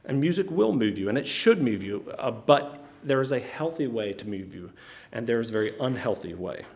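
A man's voice: mid-range voice, animated, a little mellow. Earnest man giving a sermon. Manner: earnest, halting with frequent restarts. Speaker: preacher.

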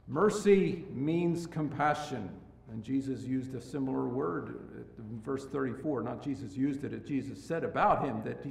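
A male preacher with a gravelly voice gives a sermon in a church, shifting from loud, emphatic climbs to quiet, low stretches. He frequently repeats himself while restarting thoughts, and the distant mic captures him in an echoey, spacious room.

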